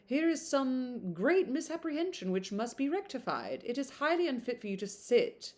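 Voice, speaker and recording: Stern old uncle all formal and scolding, read by a woman, pitched up higher. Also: very animated, moderate pace, a little mellow. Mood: reproving. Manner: formal, reproving. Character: stern older gentleman uncle, formal and commanding.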